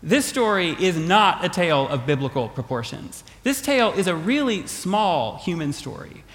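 A male pastor preaching a sermon, retelling a story with animated, repetitive phrasing. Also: high-pitched, normal speed. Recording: long hall reverb.

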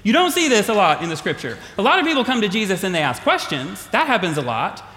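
A male pastor preaching a sermon, retelling a story with animated, repetitive phrasing. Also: sits high, fast talker. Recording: long hall reverb.

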